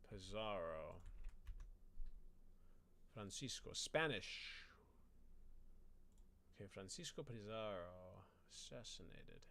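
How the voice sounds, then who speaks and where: A man rehearsing a speech on camera, muttering to himself and telling the story with lively ups and downs. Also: on the low side, a little slow, long pauses. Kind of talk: casual vlog rehearsal.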